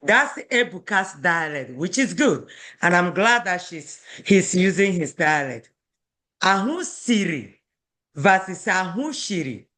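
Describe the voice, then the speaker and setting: A woman's voice: on the low side, lively intonation, measured pace, a bit bright. A woman teaching a language class, patiently correcting students' pronunciation and modeling words with emphasis.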